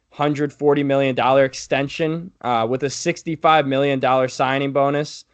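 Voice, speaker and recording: A man's voice: medium pitch, smooth. A young man co-hosting a casual sports podcast, running through news in a laid-back way with many fillers. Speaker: podcast co-host.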